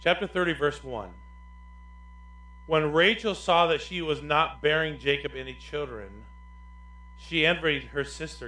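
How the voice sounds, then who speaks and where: A man preaching a sermon as pastor, animated, swinging between loud emphatic lines and quiet asides. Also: a little high, normal speed, echoey room, low-quality recording.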